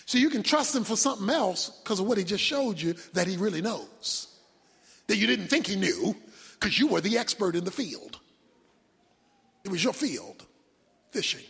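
A man preaching a sermon as pastor, swinging from loud shouts down to near-whispers. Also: sits high, very animated, moderate pace, vocal fry, long pauses. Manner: preaching with sudden shouts and drops to a hush. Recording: long hall reverb.

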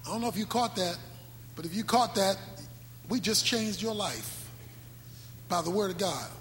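High bright-voiced preacher in a hall. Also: male voice, lively intonation, slight background noise. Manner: dramatic preaching, sudden shouts and slow drawn-out phrases. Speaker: pastor. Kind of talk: sermon. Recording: echoey hall with faint music.

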